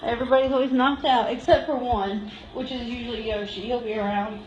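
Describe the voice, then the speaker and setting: Woman, high voice, chatty shelter-tour host, baby-talks the cats, phone recording with faint hiss. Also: fairly even intonation, a little fast, a little mellow, echoey room, highs cut off. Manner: cooing baby-talk to cats, frequent laughs. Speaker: shelter volunteer giving a live tour. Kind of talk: casual live-stream tour. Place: indoor cat room at an animal shelter.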